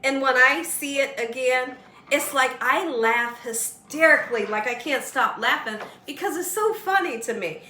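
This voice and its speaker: Bright, chatty woman cooking at home. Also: high voice, moderate pace, roomy sound, slight background noise. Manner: chatty and excitable, laughs while telling stories. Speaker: cooking channel host. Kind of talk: casual cooking demonstration. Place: home kitchen.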